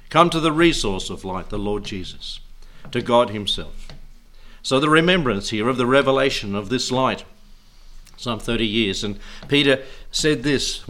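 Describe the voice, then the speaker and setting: A man's voice: medium pitch, fairly bright tone. A man preaching a sermon, reading scripture aloud in old-fashioned wording and urging his listeners on in an earnest, exhorting way.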